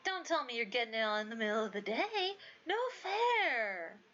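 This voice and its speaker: A woman's voice: a little high, very animated, normal speed, bright, forceful tone, voice pushed down. A woman voicing a smug, teasing young man in a visual novel, with a very nasal voice and a sly manner. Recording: dull lo-fi audio, faint music.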